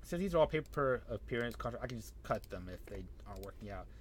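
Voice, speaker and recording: A young man talks quickly and animatedly in a medium-pitched voice while playing a wrestling management game. His casual commentary is full of muttering and thinking aloud, and he chats with the characters on screen.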